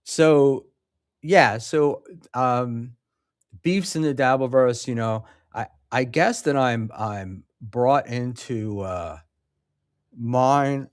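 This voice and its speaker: A man hosting a casual livestream, reading chat messages aloud and answering them. He talks slowly and loses his thread, full of ums and restarts, with a dry, sarcastic edge. The sound is close and dry, with no room around it. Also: mid-range voice, no room sound.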